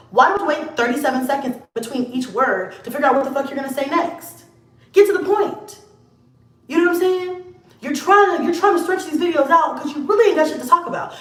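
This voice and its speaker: Speaking from a distance in a room full of echo, a high-pitched woman vlogger delivers a casual rant to camera. Her tone is blunt, confrontational and full of profanity.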